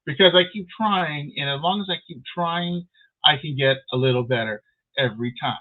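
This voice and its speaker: A man's voice: fairly high pitch, moderate pace. A man hosting an online show in a casual, rambling way, with many fillers, over a video call. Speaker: podcast host. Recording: tinny phone-like line.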